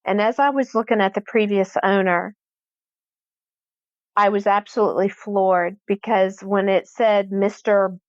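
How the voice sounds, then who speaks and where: A woman recounts a haunting as a podcast guest, slipping into the voices of the people she quotes. She speaks at an unhurried pace, and the recording is dry and a little muffled. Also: mid-range voice, dry recording. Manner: animated, acts out quoted dialogue. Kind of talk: podcast interview storytelling.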